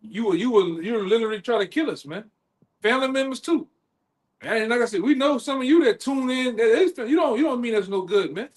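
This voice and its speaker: A man's voice: extremely high pitch, lively intonation, a little fast. A man at a street preaching camp, talking in profane, scornful, repetitive banter.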